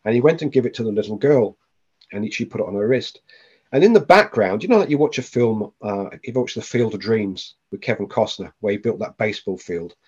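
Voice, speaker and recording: A man's voice: fairly low pitch, expressive, fairly quick, darkish tone, slightly rough, lo-fi sound. A man, a podcast guest, tells a personal story with animation and acts out the voices of the people in it.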